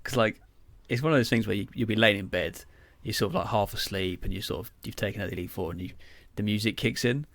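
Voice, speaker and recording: A man's voice: lowish voice, fast talker, vocal fry, few pauses, a bit bright, dry recording. A young man co-hosting a podcast, telling stories in a rambling, casual way full of fillers and swearing. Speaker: podcast co-host. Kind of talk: casual chat.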